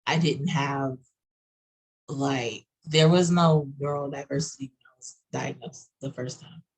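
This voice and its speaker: A woman with a Texas accent, talking quickly with lots of fillers in a casual group video chat. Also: rumbling low, fairly even intonation, slightly rough, poor audio. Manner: fast-talking, fillers and run-on sentences. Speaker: roundtable participant.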